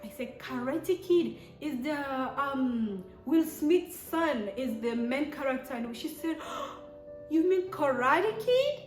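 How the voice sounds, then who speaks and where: Speaking slowly in a high voice, this young Nigerian vlogger with a Nigerian accent animatedly recounts stories to camera, exclaiming often and playing both parts of each conversation. Soft piano music plays in the echoey room.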